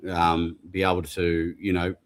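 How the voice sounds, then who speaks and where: A man's voice: deep voice, monotone, unhurried. A man hosting an interview, asking questions in a reflective, conversational way. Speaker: host.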